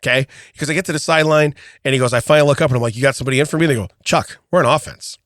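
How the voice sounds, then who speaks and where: A middle-aged man co-hosting a podcast, telling an animated story in casual chat, often checking in with "okay?" and restarting his sentences. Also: on the high side, rapid-fire, dry recording, studio quality. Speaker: podcast co-host.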